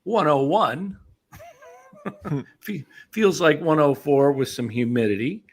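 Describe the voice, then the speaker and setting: A man co-hosting a baseball talk show, joking and excitable in casual banter. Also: fairly high pitch, slow. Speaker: sports talk show co-host.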